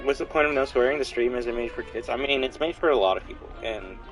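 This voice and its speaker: Young man, game streamer, casual chat, rambling, middle pitch, faint music behind. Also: animated, fast, rough recording. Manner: chatty, rambling, talks straight to chat. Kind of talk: casual gaming livestream chat.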